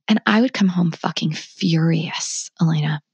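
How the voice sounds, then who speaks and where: A woman's voice: deep voice, moderate pace, darkish tone, slightly rough, no room sound. A middle-aged woman guest on a podcast, talking candidly and passionately about parenting, blunt and swearing freely. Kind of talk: candid conversational interview.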